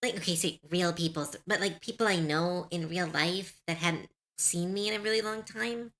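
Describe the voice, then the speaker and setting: A woman streamer chatting casually on a live stream, musing softly and answering her chat. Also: fairly low pitch, moderate pace.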